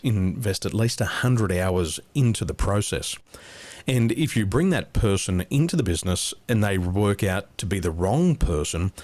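A middle-aged man with an Australian accent, a business coach telling stories in a relaxed, anecdotal way as an interview guest. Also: lowish voice, no echo. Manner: relaxed, anecdotal, chuckles at his own jokes. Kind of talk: interview storytelling.

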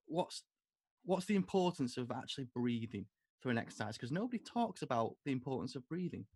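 A man hosting a casual podcast chat, rambling with fillers and quick to joke. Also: medium pitch, sing-song, dark tone, no echo, studio quality. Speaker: podcast host.

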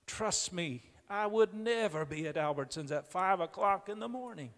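A middle-aged man preaching a sermon as a pastor in a church, moving from storytelling to loud, emphatic preaching. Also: sits high, lively intonation, normal speed. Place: church sanctuary. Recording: long hall reverb.

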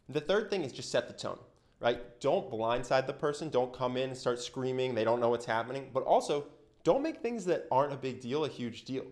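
A young man teaching how to handle tough conversations, telling stories and acting out the quotes in them. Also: mid-range voice. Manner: animated storytelling with acted-out quotes. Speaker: communication coach. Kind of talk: explanatory talk to camera.

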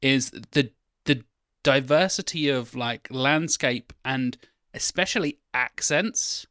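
A man from Norfolk co-hosting a casual film chat, talking in a lively, blunt and joking way. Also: medium pitch, slow pace, no room sound, clean studio sound. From Norfolk, England. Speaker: podcast co-host.

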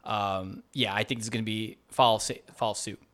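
A man's voice: lowish voice, fairly even intonation, a little fast, fairly bright tone, no room sound. Upbeat chatty man co-hosting a podcast. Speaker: podcast co-host. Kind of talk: casual gaming news chat.

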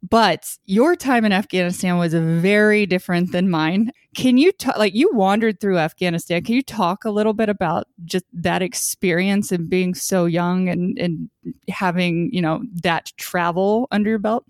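Woman host, hesitant questions, low pitch, dry room. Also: normal speed, dry recording. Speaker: interviewer. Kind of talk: casual interview.

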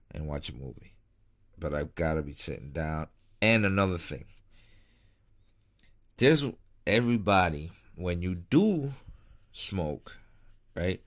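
A man talking about his cigar ritual in a relaxed, rambling chat, full of restarts and fillers, tired and yawning late at night. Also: deep voice. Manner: rambling, many restarts and fillers, laid-back. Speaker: cigar vlogger. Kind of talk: casual rambling monologue.

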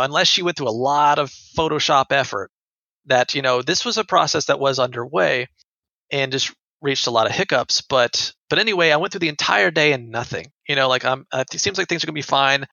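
Gravelly young man, dull dry audio. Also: mid-range voice, sharp tone, no room sound. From United States. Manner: earnest, repeats words when upset. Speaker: guest telling a personal story. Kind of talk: conversational storytelling.

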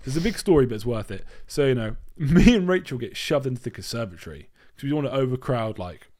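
A young man with a medium-pitched voice talks fast while co-hosting a casual podcast chat. He tells a story with animated energy, swearing freely and acting out voices.

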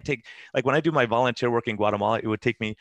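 A man's voice: mid-range voice, racing, a bit bright, no echo. A middle-aged man, a physician, telling his own story in a casual, earnest, rambling way.

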